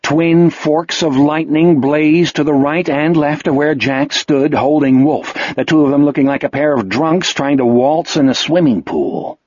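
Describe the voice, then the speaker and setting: A man reading an audiobook in steady scripted narration. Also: fairly high pitch, measured pace, few pauses, no room sound, muffled recording.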